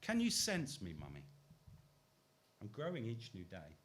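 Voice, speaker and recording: A man's voice: huge pitch swings, a little slow, a bit bright, heavily acted. A man putting on the voice of a toddler talking to its mummy in a sing-song poetry recital. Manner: high sing-song childlike lilt.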